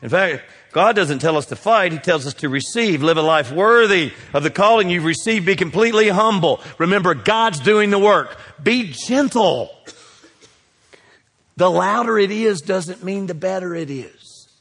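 A middle-aged man, preaching a sermon that swings between loud exhortation and hushed asides. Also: high-pitched, lively intonation, moderate pace, breathy edge, in a large hall. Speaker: pastor.

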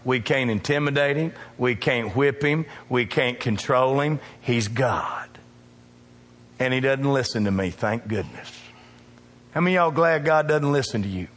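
A man's voice: medium pitch, measured pace, fairly bright tone, big-room sound. A male pastor preaching a sermon, emphatic and calling out to his congregation in a church. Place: church sanctuary.

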